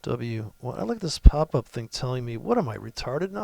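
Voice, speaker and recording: This trading-video host speaks brisk and creaky, with a warm, mid-range voice that swings widely in pitch and no room sound. Ranting over his charts, he's brash, profane and mocking.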